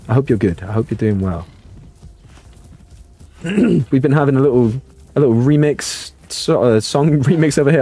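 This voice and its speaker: A young man doing live gameplay commentary, playful and excitable, reading chat and yelping at the action. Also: husky. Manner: playful and excitable, jumping to high yelps. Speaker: streamer.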